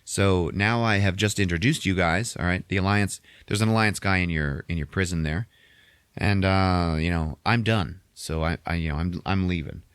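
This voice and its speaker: Dude playing a cussing, dismissive young rebel girl, low flat voice. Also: moderate pace, clear, resonant tone, dry recording. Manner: profane, dismissive. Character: surly young woman rebel, blunt.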